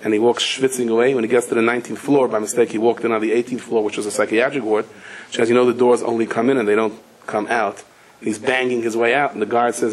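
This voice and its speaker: Rabbi spinning a story, acts out all the voices, mixed in. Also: male voice, medium pitch, fast talker, low-quality recording. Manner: animated storyteller, acts out quoted voices, cries out at climaxes. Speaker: rabbi giving a Torah class. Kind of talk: storytelling lecture.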